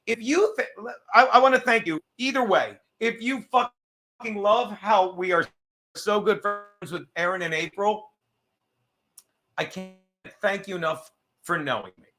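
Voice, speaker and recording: A man's voice: sits high, sharp tone. Profane, rambling male livestream host. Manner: profane, rambling, self-interrupting; reads viewer messages aloud. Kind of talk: casual livestream chat.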